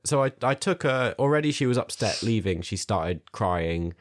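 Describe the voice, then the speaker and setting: Podcast co-host, man, lowish voice, rambling self-mocking storyteller. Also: expressive, moderate pace. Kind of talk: casual storytelling chat.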